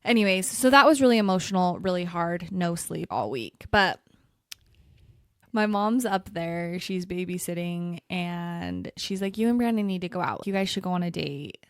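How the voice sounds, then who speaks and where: Animated woman telling a story on a podcast. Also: on the low side, normal speed, clean tone, dry recording, studio quality. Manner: animated storytelling, acting out quotes. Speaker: podcast co-host. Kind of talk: casual chat.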